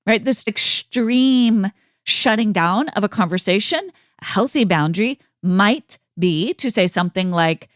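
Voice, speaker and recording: A middle-aged woman hosting her own podcast, speaking in an earnest, measured teaching tone. Her pitch rises and falls a great deal as she stresses key words. She is recorded close on a studio mic in a dry room with no echo. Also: animated. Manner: earnest, measured, acts out example phrases. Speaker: podcast host and counselor. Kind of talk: calm teaching monologue with read sponsor ads.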